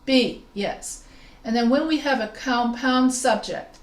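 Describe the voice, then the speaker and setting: Woman instructor, higher voice, classroom grammar lesson, heard from across a roomy space. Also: takes it slowly, far from the mic. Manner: talks through slides with fillers and self-corrections. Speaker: writing instructor.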